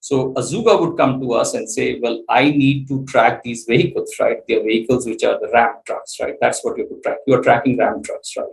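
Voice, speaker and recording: A man, a startup CEO, explaining his business in an interview, halting with many fillers and restarts. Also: mid-range voice, steady tone, vocal fry, rough recording. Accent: Indian English.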